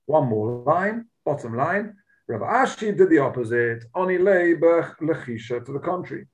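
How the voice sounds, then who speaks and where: Guy giving a talmud class, kinda high voice, explains every line with punch. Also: lively intonation, moderate pace, dull audio. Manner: explains Aramaic text line by line in English, emphatic. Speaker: Talmud teacher. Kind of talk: Talmud lesson.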